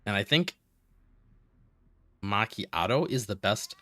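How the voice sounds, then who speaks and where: A man streaming a game, chatting casually with viewers and telling rambling, animated stories between moves. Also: on the low side, slow pace, no room sound. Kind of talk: casual gaming stream chat.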